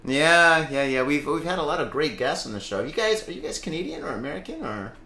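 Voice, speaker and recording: A man's voice: a little high, animated, brisk, bright, forceful tone. A man from Michigan hosting a podcast, chatting casually and joking at his own expense, often laughing. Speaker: podcast host. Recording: roomy echo.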